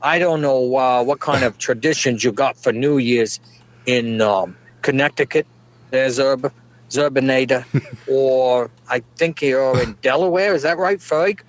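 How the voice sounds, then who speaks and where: A middle-aged man tells a rambling comic story in a folksy way. His voice sits at an ordinary middle pitch. He often breaks into chuckles at his own jokes. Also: a little slow. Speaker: comedic podcast guest. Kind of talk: rambling comedic monologue.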